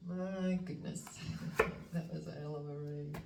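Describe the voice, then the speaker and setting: A woman, giving a spiritual tarot reading in a slow, emotional, halting way that sometimes drops to a whisper. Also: low-pitched, fairly even intonation, vocal fry. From Western Australia. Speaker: tarot reader. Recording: roomy, distant mic, faint background noise.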